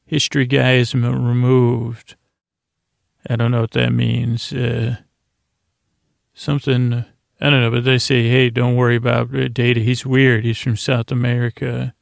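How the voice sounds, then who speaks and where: Man, sleep podcast host, meandering recap, close dry sound, low-key monotone. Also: a little slow, gravelly, no echo. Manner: meandering and drowsy, often losing his place.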